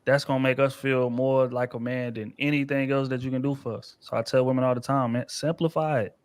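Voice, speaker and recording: A man's voice: medium pitch, little pitch movement, fairly quick, smooth, no echo. A married man co-hosting a casual panel discussion, talking in a loose, rambling way with casual profanity. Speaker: podcast co-host.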